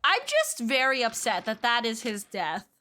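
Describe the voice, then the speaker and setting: A woman's voice: a little high, huge pitch swings, normal speed, sharp tone, slight background noise. A woman streaming a game, exclaiming and venting indignantly as she plays and reads lines aloud. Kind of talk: reactive let's-play commentary. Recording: game music behind.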